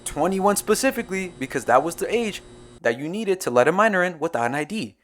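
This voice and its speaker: Young man, slightly high voice, excitable storytime narration, jumpy asides. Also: fast. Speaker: storytime YouTuber.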